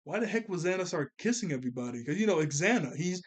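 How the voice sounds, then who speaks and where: A young man giving a casual, animated episode review, slangy and laughing often as he recaps. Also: high-pitched, quick pace. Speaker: cartoon reviewer.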